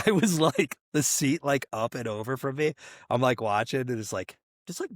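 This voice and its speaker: A young man co-hosting a casual sports podcast, wandering through his stories with plenty of fillers and the odd curse. His voice sits in an ordinary middle pitch. The sound is close and dry, with no room around it. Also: expressive, normal speed, dry recording. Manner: rambling, loose storytelling with fillers and profanity. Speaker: podcast co-host. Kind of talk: casual chat.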